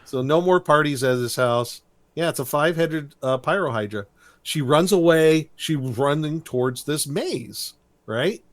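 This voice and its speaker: A man co-hosting a podcast, recapping a cartoon episode in a lively, storytelling way and laughing as he goes. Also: on the high side, a little slow. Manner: animated storytelling, briefly imitates characters with laughs. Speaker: podcast co-host.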